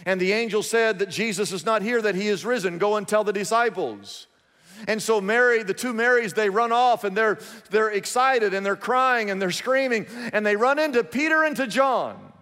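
A man's voice: high voice, normal speed, hardly any pauses, pushed and bright, clear, resonant tone, in a large hall. A man preaching a sermon, telling a story emphatically with lots of repetition.

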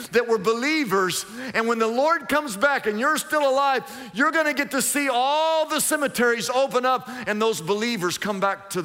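A middle-aged male pastor delivers a lively sermon in everyday language, moving between loud bursts and quiet asides. His voice is high and bright, and it rings out with a long reverb in a church. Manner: animated, colloquial, swings from loud bursts to hushed asides.

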